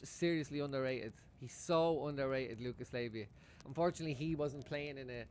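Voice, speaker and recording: Male football-fan streamer, higher-pitched voice, loose rambling chat full of swearing and laughter. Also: darkish tone. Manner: rambling, swears freely, chuckles often. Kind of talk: casual live-stream chat.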